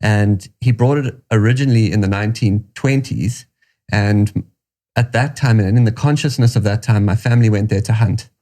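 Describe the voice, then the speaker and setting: A South African man with a lowish, warm and dark voice. He talks as a podcast guest, unfolding his story in a calm, measured and reflective way. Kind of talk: storytelling interview answer.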